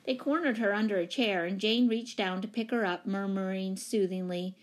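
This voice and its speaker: A woman narrating a children's storybook with a lively, expressive reading. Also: medium pitch, normal speed, few pauses. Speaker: audiobook narrator.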